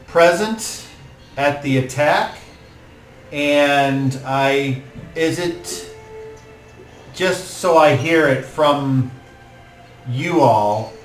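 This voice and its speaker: A man voicing a gracious noble lord hosting a feast, speaking formally with halting pauses. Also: fairly high pitch. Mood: welcoming. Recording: roomy, distant mic, faint music.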